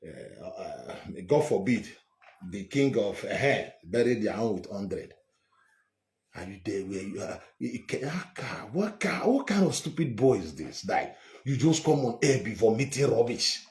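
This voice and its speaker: A man's voice: medium pitch, reverberant. A man hosting a heated political monologue online, scolding and mocking with many repetitions. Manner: animated, scolding, mocking, repeats himself.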